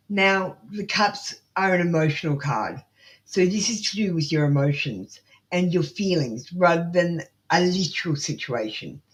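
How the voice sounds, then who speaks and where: A woman's voice: lowish voice, slightly rough, poor audio. A middle-aged woman with an Australian accent doing a live tarot reading, blunt, motherly and swearing freely. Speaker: tarot reader.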